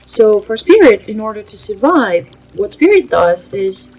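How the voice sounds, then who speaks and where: A woman's voice: mid-range voice, big pitch swings, a little mellow, rough recording. Earnest woman. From Brazil. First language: Portuguese. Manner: earnest, halting, many filler pauses. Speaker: spiritual channel host. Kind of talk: casual spiritual vlog talk.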